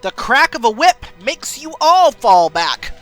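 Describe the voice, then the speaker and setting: A woman's voice: high-pitched, unhurried, faint music behind. A woman streamer reading a story game aloud and chatting playfully about her choices. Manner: animated, playful.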